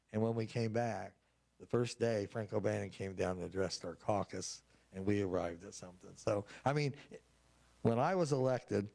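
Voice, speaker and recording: An older man with a low, gravelly voice tells folksy stories as an interview guest, acting out each side of the conversations he recalls. The sound is close and dry, with no room around it. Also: a little mellow, dry recording. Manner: folksy anecdotes acting out quoted dialogue. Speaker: state representative, guest. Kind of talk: storytelling interview answer.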